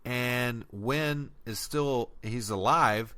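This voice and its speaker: A man co-hosting a podcast, chatting casually about a horror film, swearing freely and breaking into laughs. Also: medium pitch. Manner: profane, animated, quick to laugh. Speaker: podcast co-host. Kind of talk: casual film review chat.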